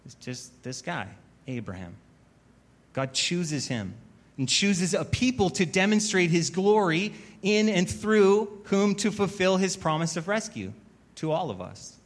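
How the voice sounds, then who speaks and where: A pastor with a somewhat high voice delivers a sermon. He tells stories with a dry, self-mocking wit and then rises into louder, emphatic preaching. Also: animated, unhurried. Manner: storytelling with wry self-mocking humor.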